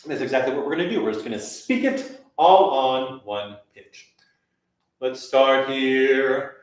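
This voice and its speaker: A man teaching a live online voice lesson, coaching in a relaxed, chatty way and demonstrating vowel sounds. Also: medium pitch, a little slow, far from the mic. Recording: very echoey room, voice heard from afar.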